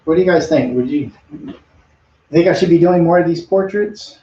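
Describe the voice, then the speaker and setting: Middle-aged male artist, rambling live-stream chatter, mellow voice, roomy dull lo-fi sound. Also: fairly high pitch, moderate pace. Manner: rambling, chatty, talks to viewers between brushstrokes. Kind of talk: casual live-stream chat while painting. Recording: dull lo-fi audio in an echoey room.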